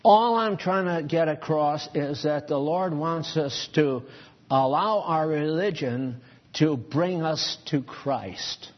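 A man's voice: fairly high pitch, takes it slowly, muffled recording. A man preaching a sermon in a church, folksy and conversational, chuckling at his own asides.

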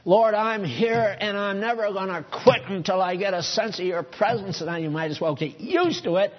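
A man's voice: high voice, normal speed, lo-fi sound. A man preaching a sermon in a church, folksy and conversational, chuckling at his own asides.

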